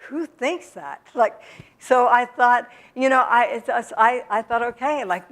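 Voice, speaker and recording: A woman's voice: a little high, a little slow, a bit bright. A woman speaking in a church, telling her personal recovery story in a candid way, with many restarts and fillers. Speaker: speaker giving a testimony. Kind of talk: personal testimony talk.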